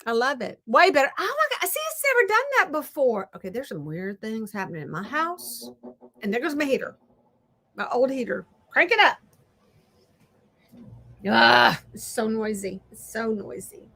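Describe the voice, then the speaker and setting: A woman's voice: a little high, big pitch swings, moderate pace, gravelly, sharp tone, no room sound. A middle-aged woman hosting a casual craft livestream, chatting straight to viewers and laughing often.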